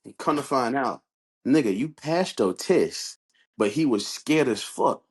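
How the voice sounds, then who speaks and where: A man's voice: medium pitch, animated, measured pace, breathy edge. A young man co-hosting a podcast, telling stories in loose, profane slang. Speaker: podcast co-host. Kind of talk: casual chat.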